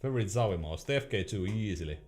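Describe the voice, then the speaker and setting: A man's voice: on the low side, expressive, fast, a little mellow. A young man streaming casually, reading chat questions aloud in a laid-back way and laughing often.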